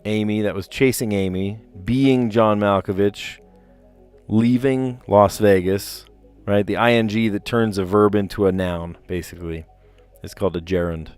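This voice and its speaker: A man's voice: fairly low pitch, steady tone, normal speed, a little mellow, clean tone, soft background music. A man casually chatting on a live stream, reading puzzle clues aloud and rambling to his viewers. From New Jersey.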